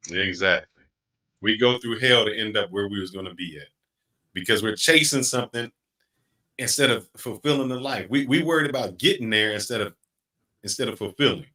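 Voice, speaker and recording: A middle-aged man hosting a podcast, speaking in an earnest, reflective way and slowing down to stress his points. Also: on the low side, bright, forceful tone. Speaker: podcast host. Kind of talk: casual podcast chat.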